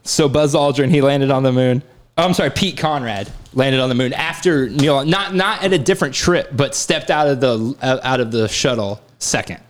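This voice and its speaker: A man in casual podcast chat who rambles, swears often and gets loud and worked up as he tells a story. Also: medium pitch, normal speed.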